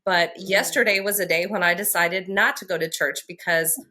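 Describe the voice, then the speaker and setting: Woman co-host, lowish voice, calm, reflective, reassuring talk. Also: normal speed. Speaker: podcast co-host. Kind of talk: casual faith podcast conversation.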